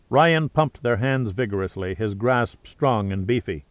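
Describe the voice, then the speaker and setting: A man reading an audiobook in a steady, measured narration. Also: lowish voice, dry recording. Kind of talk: scripted narration. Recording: dull lo-fi dry recording.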